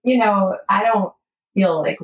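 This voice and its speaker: Woman podcast host in her 40s, gravelly lowish voice, earnest, kinda echoey and far off. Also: measured pace. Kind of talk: casual conversation. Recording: roomy, distant mic.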